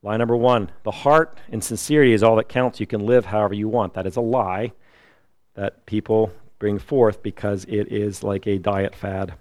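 A middle-aged man preaching a sermon, lively and emphatic, now and then acting out the people he quotes. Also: fairly low pitch, normal speed, dry recording. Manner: animated preaching, acts out quoted voices. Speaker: pastor.

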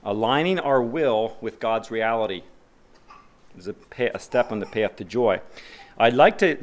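A male pastor preaches in a mid-range voice, moving between plain conversational asides and raised, emphatic scripture reading. He puts questions to the congregation and answers them himself. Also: medium pitch. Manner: preaching, reads scripture aloud with rising emphasis. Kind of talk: sermon.

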